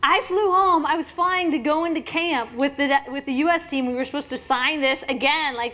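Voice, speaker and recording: Woman in her forties, on-stage interviewer, bright tone, lively storytelling with frequent laughter. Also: sits high, moderate pace, hardly any pauses. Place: stage at an awards event.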